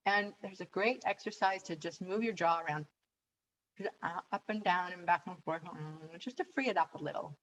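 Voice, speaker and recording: Woman coach, calm guided relaxation, step-by-step instructions, faint hiss behind. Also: on the low side, normal speed, low-quality recording. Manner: calm, instructive, leading breathing and stretching.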